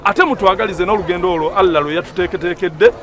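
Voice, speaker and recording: A young man from Uganda speaks outdoors at his old school, rallying the viewers as a former student. His voice sits high and his words come fast, with a lively, direct manner. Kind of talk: casual speech at a school event.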